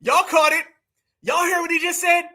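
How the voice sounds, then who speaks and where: High, bright, shouting male host. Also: steady tone, moderate pace. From United States. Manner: loud, mocking, often shouting. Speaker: commentary show host. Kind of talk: live commentary rant.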